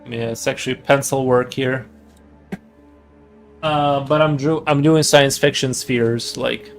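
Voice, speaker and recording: A man's voice: medium pitch, fairly even intonation, slow, faint music behind, poor audio. A young man streaming his drawing, chatting casually and rambling with many fillers and restarts. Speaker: artist streamer.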